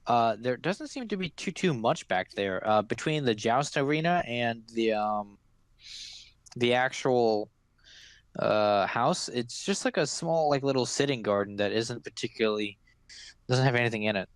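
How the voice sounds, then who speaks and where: A man's voice: mid-range voice, normal speed, dry recording. A man narrating a tabletop game as game master, in a loose, chatty way with fillers.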